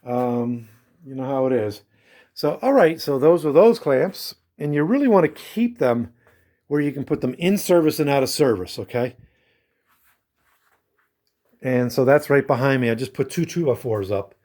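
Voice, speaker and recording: A man's voice: mid-range voice, animated, normal speed, pauses often, mellow. A man chatting casually to his viewers while working in his woodworking shop, rambling and wandering between topics. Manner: rambling and meandering. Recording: roomy shop echo.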